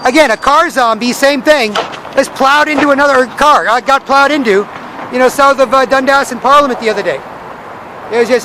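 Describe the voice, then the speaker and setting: Fairly quick and very high-pitched, this man rants repetitively while vlogging on a downtown corner, mimicking other people as he rambles. Faint outdoor traffic is audible.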